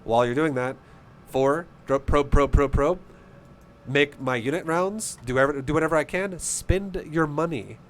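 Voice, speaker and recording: A man's voice: on the high side, moderate pace. A man coaching a player through a game replay in a casual, blunt, profane and passionate way. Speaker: StarCraft coach.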